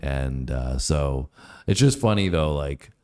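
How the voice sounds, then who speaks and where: Very deep-voiced man hosting casually. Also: animated, takes it slowly, darkish tone, clean tone. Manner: easygoing, asks questions, fills with "you know". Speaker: reaction video co-host. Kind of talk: casual chat.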